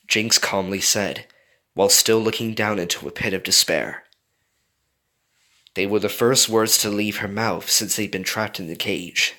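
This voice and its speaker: A man reading a fan story aloud in an animated way, doing voices for the characters. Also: fairly low pitch, a little slow. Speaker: story reader.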